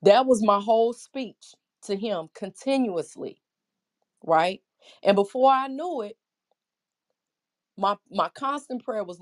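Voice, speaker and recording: A woman's voice: mid-range voice, animated, slow pace, long pauses. A middle-aged woman preaching a Bible lesson in an impassioned, conversational way, often putting questions to her listeners.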